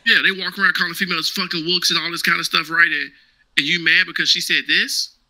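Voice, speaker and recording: A man's voice: on the high side, fast, rough recording. A man guest on an interview show, telling casual, slangy stories and acting out the dialogue in them. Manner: animated, slangy, acts out quoted dialogue. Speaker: guest, former Marine now cloud engineer.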